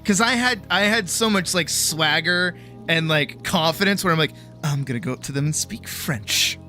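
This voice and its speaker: A man from Boston, a streamer telling a goofy travel story in a casual, animated way, swearing freely. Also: fairly high pitch, normal speed, soft background music. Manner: animated, swears, laughs often.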